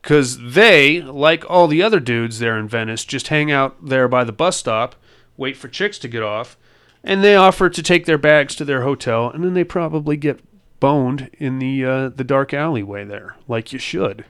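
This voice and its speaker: Smooth-voiced man rambling through a film recap. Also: mid-range voice, lively intonation, normal speed, fairly bright tone. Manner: rambling, crude and joking. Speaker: podcast host.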